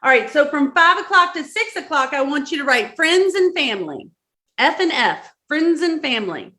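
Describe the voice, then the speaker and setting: Her voice sits high with big pitch swings, bright and forceful at a normal speed. Teaching a live-streamed workshop in a Southern accent, she walks listeners through each step, repeating key words and checking in regularly.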